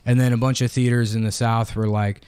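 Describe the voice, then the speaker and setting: A man with a crisp, smooth voice rambles through crude comic riffs in loose podcast banter. The sound is dry and close, with no room around it. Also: medium pitch, level tone, a little fast, darkish tone, no room sound. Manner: crude, rambling, punchline-driven. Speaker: podcast co-host. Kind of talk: casual comedic chat.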